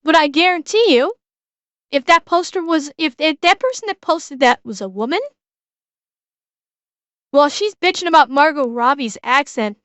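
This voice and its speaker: A woman's voice: high-pitched, expressive, normal speed, long pauses, a bit bright, no echo. A woman streamer reacting to a video, ranting bluntly with heavy swearing.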